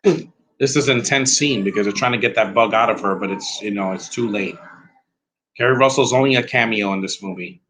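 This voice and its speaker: A man's voice: lowish voice, a little fast, fairly bright tone, low-quality recording. A man giving a rambling, blunt, opinionated live commentary while watching a movie at home.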